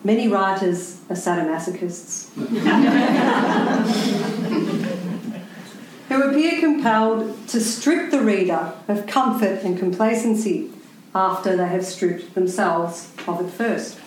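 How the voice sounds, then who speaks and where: A woman's voice: medium pitch, animated, a little slow, background noise. Woman writer at a lecture, wry and pointed, heavy room echo. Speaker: writer giving a talk. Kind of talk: prepared public talk. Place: room with a live audience. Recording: very echoey room.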